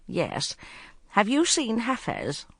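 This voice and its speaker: Narrator doing older woman spy, frantic, pleading, high-pitched, loud, dry studio audiobook. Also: wildly swooping pitch, takes it slowly, vocal fry, slightly rough, no room sound, exaggerated voice. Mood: urgent. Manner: crying out in alarm, pleading. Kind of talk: audiobook character voice.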